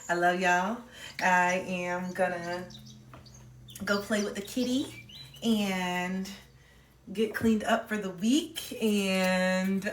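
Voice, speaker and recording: A woman's voice: medium pitch, fairly bright tone, echoey room, recorded from a distance, a little hiss or hum. A woman giving a loose, free-flowing spiritual reading with casual cussing, talking straight to her viewers. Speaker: spiritual coach and tarot reader.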